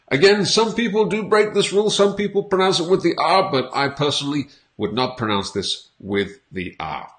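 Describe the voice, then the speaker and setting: A man teaching English pronunciation on camera in a casual, playful way, repeating each word slowly for learners. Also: medium pitch, a bit bright.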